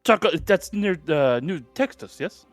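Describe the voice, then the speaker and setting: A man's voice: high-pitched, lively intonation, measured pace, no echo, faint music behind, pitched above the performer's own voice. A man voicing a proud male strongman sailor in a tabletop game, speaking formally with a put-on foreign accent. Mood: measured.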